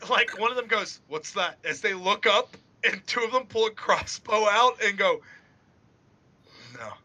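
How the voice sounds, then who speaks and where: A man narrating as dungeon master in a casual online tabletop game, laughing often and shouting lines for the crew he plays. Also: high voice, moderate pace.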